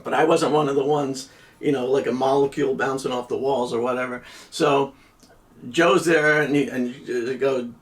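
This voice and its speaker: A man's voice: mid-range voice, fairly even intonation, moderate pace, distant mic. A middle-aged man from New Jersey casually telling a rambling story with many restarts and laughs. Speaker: podcast co-host.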